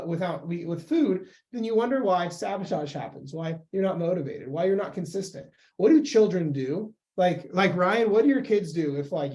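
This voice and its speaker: A young man talking as a podcast guest and weight-loss coach, emphatic and animated in casual conversation. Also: sits high. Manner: emphatic, animated, acts out quoted voices.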